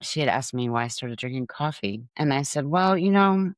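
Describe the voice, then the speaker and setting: A middle-aged woman hosting a podcast, telling humorous family stories in an animated way and laughing at her own jokes. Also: extremely low pitch, a little fast, no room sound, studio quality. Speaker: podcast host.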